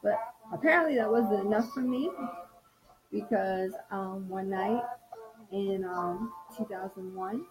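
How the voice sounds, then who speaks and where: A middle-aged woman gives a personal testimony in a soft, unhurried voice. She reflects as she talks. Music plays clearly under her words. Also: mid-range voice, low-quality recording. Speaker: speaker sharing a personal story. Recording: music playing clearly behind.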